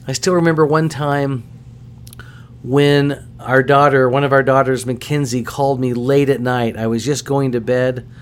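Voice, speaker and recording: A middle-aged man hosting a podcast, telling stories casually in an animated, self-deprecating way. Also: medium pitch, moderate pace, clean tone. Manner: animated, self-deprecating, acts out voices in anecdotes. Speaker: podcast host. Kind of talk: casual storytelling.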